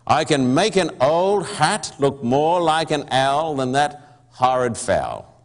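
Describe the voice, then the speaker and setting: A man's voice: on the high side, big pitch swings, slow, exaggerated voice. A male preacher voicing a pompous young man who lectures indignantly about a badly stuffed owl. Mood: indignant lecturing. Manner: indignant, lecturing, know-it-all.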